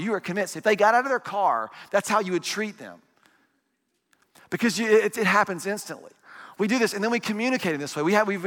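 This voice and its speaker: A man in his forties preaching a sermon, telling stories with lively energy and asking the congregation rhetorical questions. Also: high voice, long reverb tail. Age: 40s. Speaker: pastor.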